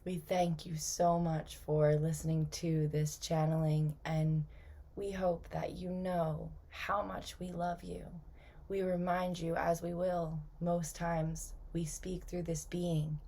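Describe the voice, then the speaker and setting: Gentle otherworldly spirit collective, soft and reassuring, low and unhurried, as a woman channels it. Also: exaggerated voice. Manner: slow, soft and half-whispered. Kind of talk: spoken channeling message.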